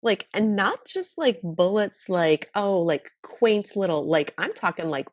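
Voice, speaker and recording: A chatty woman guesting on a podcast, her pitch swinging up and down as she talks. She fills her talk with quick jokes and "like"s. Her voice comes through dull and a bit lo-fi, with a dry sound. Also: lively intonation, no room sound. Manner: chatty, quick joking asides, many "like"s. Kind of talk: casual chat.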